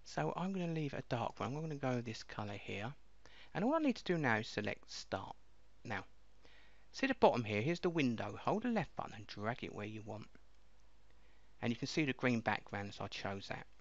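A man casually walking viewers through a piece of software step by step, in a chatty explaining way. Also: mid-range voice, big pitch swings, normal speed, no room sound. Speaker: software reviewer. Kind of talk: casual screen-recording walkthrough. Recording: dull lo-fi dry mic.

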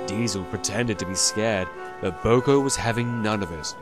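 A man narrating a storybook tale in scripted narration with an expressive telling. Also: lowish voice, moderate pace, hardly any pauses. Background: background music.

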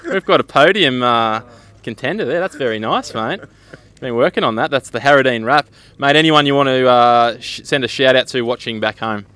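A man's voice: medium pitch, moderate pace, bright, forceful tone, clean tone. A man hosting a jokey sports interview, full of teasing banter. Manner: teasing, banter-filled questions.

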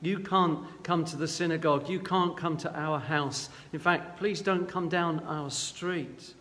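A man's voice: a little high, fairly even intonation, a little slow, fairly bright tone, in a large hall. A man voicing scornful townsfolk who shun an outcast, speaking dismissively.

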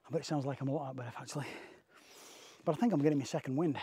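A man's voice: mid-range voice, very fast, mellow, breathy edge. A man vlogging outdoors on a hike, a bit out of breath, chatty and self-mocking, talking into a clip-on mic. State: out of breath from hiking. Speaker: landscape photographer vlogger. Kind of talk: casual outdoor vlog. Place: outdoors on a windy hill. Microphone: wireless clip-on mic.

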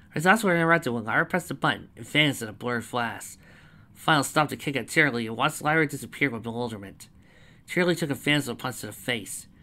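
A man's voice: medium pitch, expressive, fast, pushed and bright. A man reading a fanfiction story aloud, adding chatty asides between the narration.

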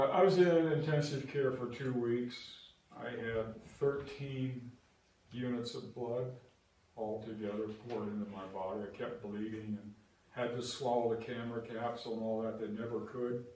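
A man's voice: medium pitch, normal speed, dark tone. An older man preaching a sermon as pastor, telling a personal story earnestly and building to emphatic, repeated declarations. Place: church sanctuary. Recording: echoey church hall from far off.

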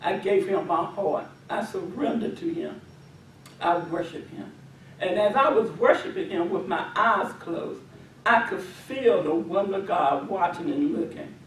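A woman's voice: lowish voice, expressive, a little slow, a little hiss or hum. A woman minister giving a testimony and then leading a deliverance prayer with fervent, repetitive commanding cries. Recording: echoey hall from far off.

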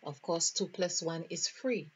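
A woman teaching a spiritual numerology lesson, thinking aloud in a deliberate, musing way as she counts out numbers. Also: on the low side, background noise. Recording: dull lo-fi recording.

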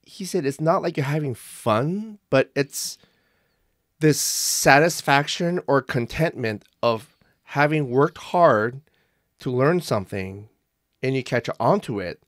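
A man co-hosting a podcast, speaking in a reflective, measured way. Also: medium pitch, animated, dry recording, studio quality. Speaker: podcast co-host. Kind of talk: casual podcast conversation.

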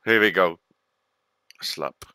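An excitable, chatty man giving casual gameplay commentary. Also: sits low, takes it slowly, clean tone, faint music behind. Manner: excitable and chatty, says "mate". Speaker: gameplay streamer.

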